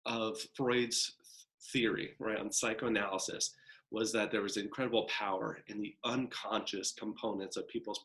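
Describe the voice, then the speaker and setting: A man's voice: on the low side, fairly bright tone. Man giving a casual college lecture. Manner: conversational, frequent "right?" and "kind of" asides; acts out a demanding child's voice in examples. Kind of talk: recorded classroom lecture.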